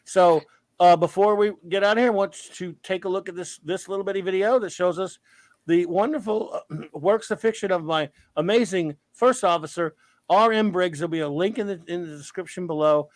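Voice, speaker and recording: A man with a high voice hosts a casual live talk show. He rambles playfully and pokes fun at himself. The sound is dry and close, with no room around him. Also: fairly quick, dry recording. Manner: rambling, playful, self-mocking. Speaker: livestream show host. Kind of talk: casual chat.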